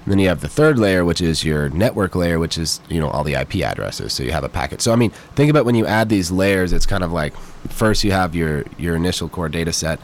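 Deep-voiced stuffy-nosed man explaining tech. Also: lively intonation, fast, hardly any pauses, slight background noise. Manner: explains eagerly, many fillers. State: stuffy nose. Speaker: guest, software developer. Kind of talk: casual interview chat.

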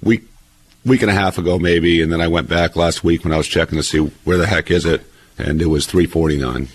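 A man chiming in during a casual chat, low-key. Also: fairly even intonation, fairly quick, breathy edge.

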